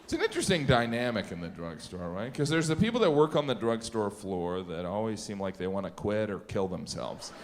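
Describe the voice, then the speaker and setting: A middle-aged man performing stand-up comedy on stage, deadpan and self-deprecating. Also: fairly low pitch, brisk, few pauses. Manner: deadpan, self-deprecating, dips into character voices. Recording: long hall reverb, loud ambience.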